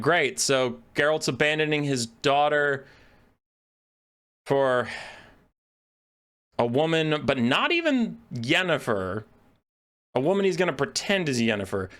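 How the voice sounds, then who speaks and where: A man's voice: mid-range voice, a bit bright. A young man ranting sarcastically as a lore video host, mocking characters in quoted voices and sounding exasperated. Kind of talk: ranting commentary.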